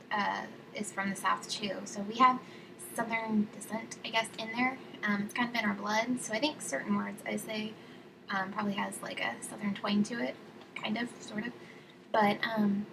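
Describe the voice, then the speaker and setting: A young woman from California with a Californian accent, chatting casually in a vlog, full of ums and likes. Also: mid-range voice. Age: young adult. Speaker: vlogger. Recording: distant mic with clear room noise.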